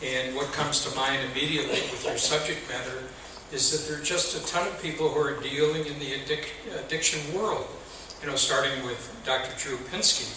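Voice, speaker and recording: Animated male panelist, echoey and distant. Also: mid-range voice, fairly quick, noisy background. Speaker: panelist, radio professional. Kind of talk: panel advice. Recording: echoey hall, recorded from far off.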